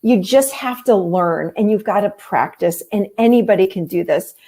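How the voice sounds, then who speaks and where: A woman therapist and life coach explaining in a relaxed conversational way, telling lively stories and acting out the voices of people she quotes. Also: medium pitch, normal speed.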